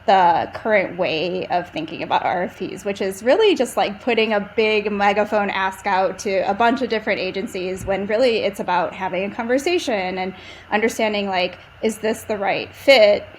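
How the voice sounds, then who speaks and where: A woman with a mid-range voice talks as a podcast guest from an agency. She thinks out loud, with frequent ums and you-knows, over a faint room hum. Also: medium pitch, normal speed, rough recording. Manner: thoughtful, many fillers. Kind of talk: casual podcast interview.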